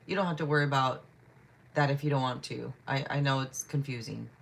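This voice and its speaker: Her pitch is extremely low, her pace fairly quick, and vocal fry runs through her speech. This woman hosts a tarot livestream, chatting loosely as she reads viewer questions, greeting people by name and often apologizing.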